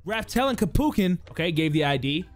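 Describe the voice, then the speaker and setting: A young man giving loud, casual gameplay commentary, swearing, talking to his chat and reading the game text aloud. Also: high voice, fairly quick. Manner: loud, excitable, swears a lot, talks to chat. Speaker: gaming YouTuber. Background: faint game music.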